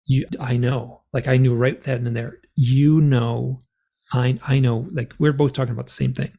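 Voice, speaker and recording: Gravelly, husky man telling a story. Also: mid-range voice, normal speed. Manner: animated, rambling, filler-heavy. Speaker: guest author and experiencer. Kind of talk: conversational storytelling.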